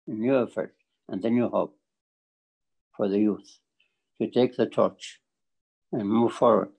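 Halting older man with a gravelly voice. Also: mid-range voice, darkish tone, poor audio. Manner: halting, repeats words, emphatic. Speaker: community forum speaker. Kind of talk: speech at a community forum.

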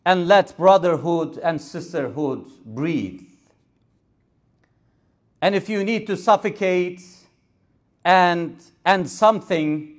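A man gives a sermon from the pulpit in a fairly high voice. He speaks in a measured, emphatic way and builds on repeated phrases. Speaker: imam. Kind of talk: Friday sermon. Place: mosque.

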